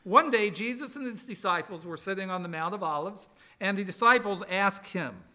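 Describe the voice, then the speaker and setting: A middle-aged male pastor preaching a sermon, explaining scripture with emphatic rises, soft asides and personal stories. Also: high-pitched, expressive, normal speed. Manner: expository preaching with Greek word study and personal stories.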